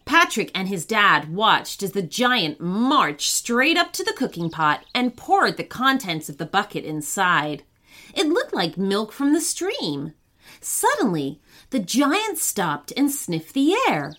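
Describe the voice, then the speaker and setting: A woman narrating a children's story in an expressive, unhurried way. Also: medium pitch.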